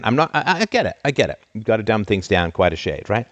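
A man hosting a live show, ranting in an exasperated, sarcastic way with big theatrical swings in pitch. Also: very animated, quick pace, a bit bright, no room sound, lo-fi sound. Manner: theatrical, trained speaking voice. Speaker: host.

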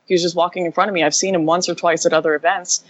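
A woman guest in an interview recounting her experience quickly and animatedly, full of "like" fillers. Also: lowish voice, fairly even intonation, poor audio. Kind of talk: casual interview storytelling.

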